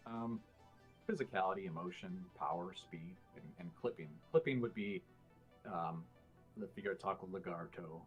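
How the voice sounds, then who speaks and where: A man's voice: low voice, expressive, brisk, faint music behind. A man in casual podcast chat, explaining things at length with many fillers and restarts. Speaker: podcast guest.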